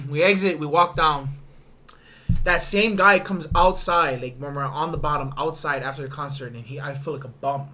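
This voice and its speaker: A man's voice: fairly high pitch, moderate pace. A young man from Hawaii, telling a story in casual chat, acting out quotes and swearing a lot. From Hawaii, Big Island. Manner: animated storyteller, acts out quotes, heavy swearing. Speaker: podcast host.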